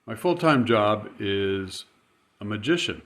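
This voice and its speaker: A man voicing a calm, wry pizza delivery driver who answers an angry customer. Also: on the low side, slow. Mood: dry. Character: calm wry male pizza driver, part-time magician.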